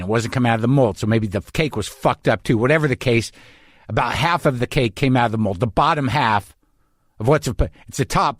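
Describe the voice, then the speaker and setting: In a clean, dry studio recording, a mid-range male podcast host tells a story as a casual monologue, swearing often and poking fun at himself.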